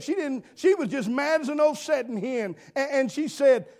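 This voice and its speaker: A man's voice: very high voice, normal speed, hardly any pauses, darkish tone. A man preaching a folksy sermon, telling homespun stories in an earnest, repetitive way. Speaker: pastor.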